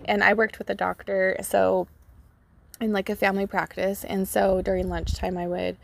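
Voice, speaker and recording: A woman's voice: mid-range voice, little pitch movement, moderate pace, gravelly. A young woman hosting a podcast, telling a personal story in a casual, chatty way full of "like" and "um", recorded outdoors. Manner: chatty, lots of "like" and "um". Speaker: podcast host. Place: outdoors, child playing in water nearby.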